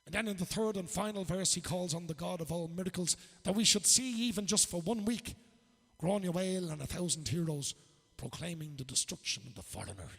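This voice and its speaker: High-voiced man, chatty storyteller. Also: fairly quick, vocal fry, fairly bright tone, breathy edge, long reverb tail. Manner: chatty storytelling, calls listeners "lads". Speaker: singer and guest performer. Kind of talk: casual spoken song introduction.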